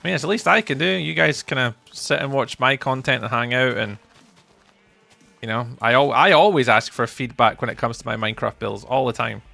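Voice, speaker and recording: A man with a mild Scottish accent and a very gravelly, creaky voice that is bright and forceful. He talks casually as a game streamer, replying to his viewers' chat messages, with faint music playing behind him. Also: medium pitch, brisk. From Scotland.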